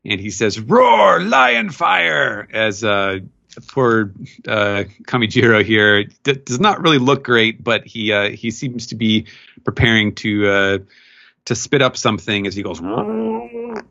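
A man's voice: lowish voice, fairly even intonation, measured pace, pushed and bright, lo-fi sound. A man on a podcast casually recapping a comic chapter, rambling with lots of fillers and quoting characters in raised voices. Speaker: podcast co-host. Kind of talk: casual manga recap chat.

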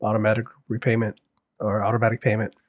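Young male podcast co-host, low monotone, understated, dry recording. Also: fast talker, dry recording, phone-quality sound. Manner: low-key, brief replies. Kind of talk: casual gaming podcast chat.

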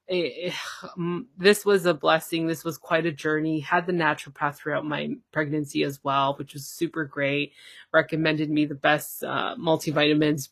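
A woman's voice: sits low, vocal fry, a bit bright, no room sound, clean studio sound. A woman guest telling a personal story in casual talk, full of fillers and acted-out quotes. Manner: chatty, many fillers, acts out quoted dialogue. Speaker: podcast guest.

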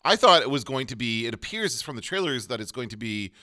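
A man co-hosting a casual podcast chat about movies, rambling and pausing to look things up. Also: medium pitch, sing-song, sharp tone. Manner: rambling, looks things up mid-talk. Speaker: podcast co-host.

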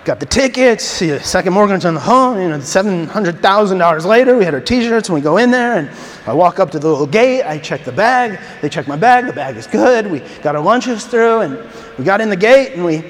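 A man voicing a glum older male office coworker, a grandfather, who recounts things in a flat, plodding way. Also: sits high, brisk. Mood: deflated. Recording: long reverb in a large hall.

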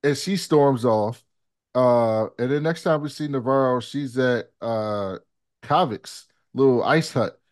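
A man's voice: mid-range voice, takes it slowly. Laid-back man retelling TV scenes. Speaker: podcast co-host. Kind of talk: casual chat recapping a TV episode.

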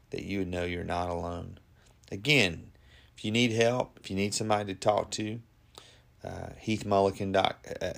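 Deep gravelly-voiced man. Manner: earnest, conversational, with many restarts. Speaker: podcast host. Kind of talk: faith-based talk on grief.

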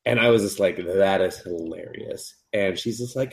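Low-ish guy on a podcast going over an anime episode, cusses a lot, squeaks up high for the characters' lines. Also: moderate pace, gravelly, a little hiss or hum. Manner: profane, animated retelling, jumps into high voices for characters. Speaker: podcast co-host. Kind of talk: casual chat, recapping an anime with acted quotes.

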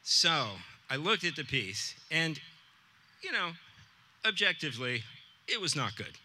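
Bright-voiced man telling a personal story. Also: fairly high pitch, sing-song, unhurried. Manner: earnest, conversational, with quoted dialogue. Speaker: storyteller at a live event.

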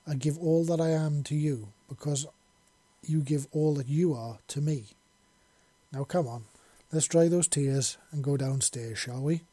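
A man voicing a gentle, devoted young male hero who speaks softly. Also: a little high, fairly even intonation, measured pace, dry recording. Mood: tender. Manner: soft, tender.

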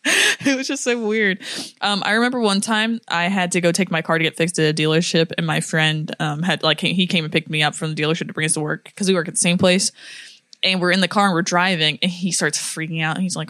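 Young florida woman on a podcast, lowish voice, rambling chatty stories, dry close sound. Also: fairly even intonation, fast, bright, forceful tone, no room sound. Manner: chatty storyteller with many fillers and laughs. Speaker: podcast co-host. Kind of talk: casual chat.

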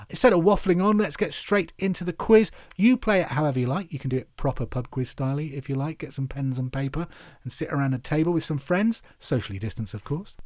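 A man from England hosting a trivia podcast, chatty and upbeat, reading out each question slowly and then again. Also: on the high side, darkish tone, no room sound, studio quality. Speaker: quiz host.

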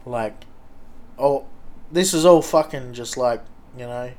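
A man's voice: mid-range voice, slow pace, darkish tone. A young Australian man telling a rambling casual story, laid-back and swearing constantly, with lots of fillers.

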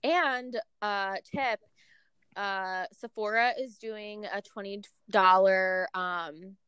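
A woman's voice: medium pitch, slow, a bit bright, smooth, no room sound. A young woman co-hosting a casual chat, talking freely with lots of "like" and "um". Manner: chatty, many fillers like "like" and "um". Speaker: podcast co-host.

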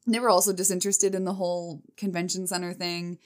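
A woman telling a story to camera in a casual, animated, self-mocking way, rambling with restarts. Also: fairly low pitch, fast talker. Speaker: vlogger.

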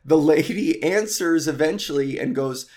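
A man's voice: on the high side, moderate pace, darkish tone. A man hosting a podcast, ranting casually and profanely about an exasperating travel story, heavy with swearing. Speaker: podcast host.

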